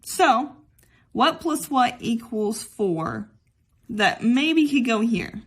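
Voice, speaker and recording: A woman's voice: fairly high pitch, animated, very slow, breathy edge. A young woman teaching a music lesson to children at home, chatty and cheerful, often saying y'all.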